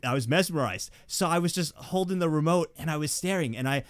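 A man telling a funny story in casual chat, animated and hesitant, acting out the scenes. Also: on the high side, brisk, no echo.

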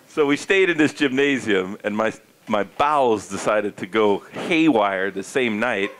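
A man's voice: unhurried, few pauses. A middle-aged American man, a former pro bike racer, telling a comic story to a live audience. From United States. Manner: animated, jumps into high squeaky character voices for quoted people.

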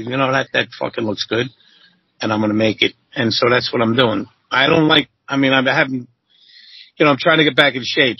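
Husky, profane man telling stories. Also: no room sound, muffled recording. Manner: profane, animated, acts out quotes in a high voice. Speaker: interview guest, former chef. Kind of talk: casual storytelling.

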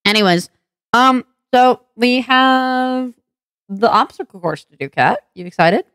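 A woman's voice: on the high side, a little slow, fairly bright tone, no echo, clean studio sound. A woman hosting her gaming channel, chatting casually and teasing her co-player while they play. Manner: teasing, upbeat, laughs often. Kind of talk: casual co-op gameplay chat.

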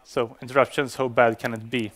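A man's voice: medium pitch, level tone, a little fast, a bit bright. A man giving a conference talk to developers, speaking English as a non-native speaker, with frequent fillers and restarts. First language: Swedish. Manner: hesitant, many fillers and restarts.

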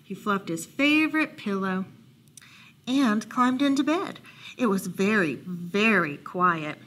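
Slow, gentle woman reading a bedtime story. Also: mid-range voice, expressive. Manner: gentle and unhurried, with playful asides. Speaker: children's librarian storyteller. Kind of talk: reading a bedtime picture book aloud.

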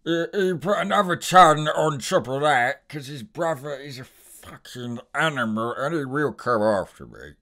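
A man voicing a menacing middle-aged London gangster with a Cockney accent, a deep croaky throat voice and a blunt, swearing drawl. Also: lively intonation, unhurried, few pauses, sharp tone. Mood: heated. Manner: swearing, drawling, probing questions.

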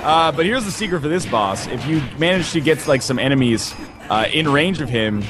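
With game music in the background, this let's play co-host rambles and jokes through casual commentary, saying "like" constantly as he plays with a friend. His voice is fairly high and lively, and he talks a little fast.

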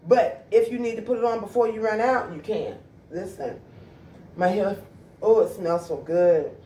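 A woman's voice: medium pitch, normal speed, mellow, a little hiss or hum. Chatty woman vlogging from far off. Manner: chatty, talks straight to viewers. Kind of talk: casual vlog chat. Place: home and backyard. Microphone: camera mic. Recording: roomy echo from far off.

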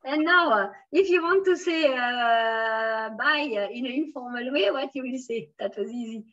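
A woman from Switzerland runs a beginner French lesson online, her fairly high voice carrying a fairly bright tone at normal speed. Alternating between English and French, she drops in lots of fillers and compliments her learners. The sound is a bit dull and far off, like a mic across the room.

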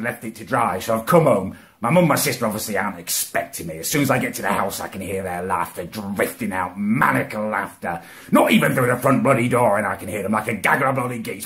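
A man delivering an indignant comic rant, swearing and climbing high in pitch as he gets outraged. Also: fairly bright tone. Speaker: comedy ranter.

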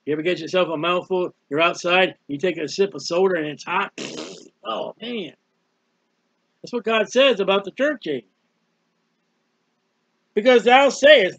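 High-pitched male preacher, scolding and preachy, dry and muffled recording. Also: moderate pace, long pauses, a bit bright, dry recording. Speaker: street preacher. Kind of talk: fiery sermon.

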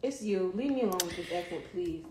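A woman's voice: on the low side, expressive, a little fast, crowd noise. A woman chatting casually with a friend, teasing her and egging her on. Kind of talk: casual chat. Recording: echoey room with music.

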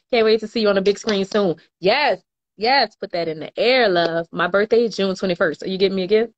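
A woman's voice: medium pitch, brisk, highs cut off. A woman, chatting casually on a livestream and reading viewer comments aloud with slangy laughter. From New Orleans, US. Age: 20s. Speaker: livestream host.

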